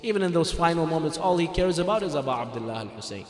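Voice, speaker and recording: A man's voice: fairly high pitch, lively intonation, fast talker. A man giving a sermon to a congregation, telling a religious story in a dramatic storytelling manner. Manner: dramatic storyteller, sometimes breaks into mournful chanting. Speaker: religious speaker. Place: community religious center hall. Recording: echoey hall with long reverb.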